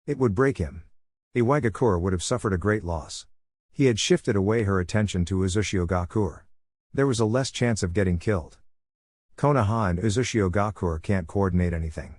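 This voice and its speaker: A male narrator with a voice on the low side reads fan fiction aloud in a steady, plain way. The recording is dry and close, with no room sound and no echo.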